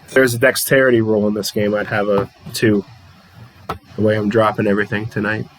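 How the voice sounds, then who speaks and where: A man's voice: fairly low pitch, level tone, a little fast, a little hiss or hum, poor audio. A man from the Pittsburgh area hosting a livestream, calling a tabletop wrestling card game play by play, reading chat and laughing often at himself. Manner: chatty, laughs often, self-deprecating.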